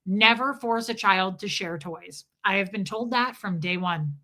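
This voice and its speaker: A woman's voice: mid-range voice, a little slow, pushed and bright. A woman hosting a casual livestream, telling a personal story in a candid, emphatic way. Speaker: livestream host.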